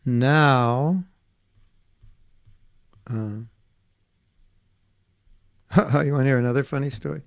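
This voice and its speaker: Teaching an informal devotional class, this spiritual teacher speaks slowly and pauses often, his mid-range voice gravelly with a creaky edge. He's chatty and amused as he tells stories, frequently performing the voices of their characters.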